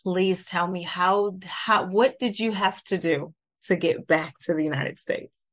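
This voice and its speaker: A woman hosting an interview, responding warmly and encouragingly to her guest. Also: fairly low pitch, unhurried. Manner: warm and encouraging. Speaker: podcast host.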